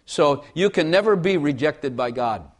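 A man's voice: fairly high pitch, lively intonation, normal speed. A man preaching a sermon in a folksy way, repeating phrases and asking the congregation for amens.

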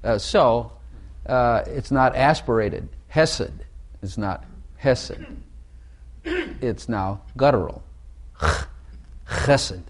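A man's voice: medium pitch, slow, pauses often. A man preaching an informal sermon, talking conversationally, repeating phrases and putting questions to his listeners.

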